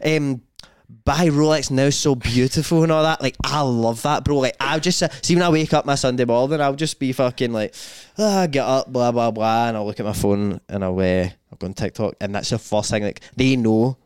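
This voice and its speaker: A young man with a Scottish accent co-hosting a casual podcast, telling animated stories full of slang and breaking into loud laughter. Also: mid-range voice, a little fast, hardly any pauses, clear, resonant tone, no echo, studio quality. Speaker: podcast co-host. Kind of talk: casual chat.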